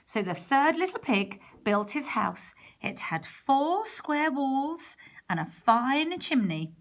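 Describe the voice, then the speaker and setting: A woman narrating a storybook in a soft, partly whispered voice. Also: sits high, very animated, takes it slowly. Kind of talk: storybook reading.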